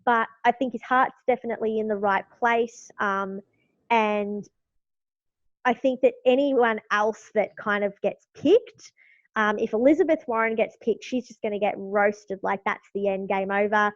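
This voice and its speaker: A woman's voice: mid-range voice, steady tone, measured pace, no echo, muffled recording. A young Australian woman talking frankly as a podcast guest, with many fillers. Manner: chatty, lots of fillers, frank. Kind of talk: casual political chat.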